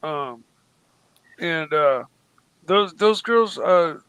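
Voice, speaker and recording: A man's voice: fairly high pitch, expressive, drawn-out words, fairly bright tone, clear, resonant tone, no room sound, rough recording. A tired man chatting casually on a livestream, rambling, swearing freely and laughing between sentences. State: exhausted. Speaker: guest on a livestream. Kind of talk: casual chat.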